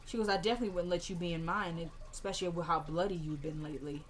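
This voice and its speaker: A woman talks through a TV episode in a casual vlog recap, quoting the characters one after another. Her telling is animated and quick. A faint hiss sits under the recording. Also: fairly low pitch.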